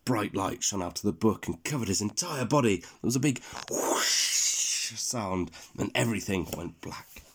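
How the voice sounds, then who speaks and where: Lively low-voiced man reading a story. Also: normal speed, a little hiss or hum. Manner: expressive, playful.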